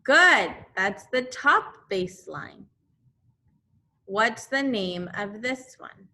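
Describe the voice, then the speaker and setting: A woman teaching a second grade class remotely, slowly repeating drills for the children. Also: medium pitch, pushed and bright.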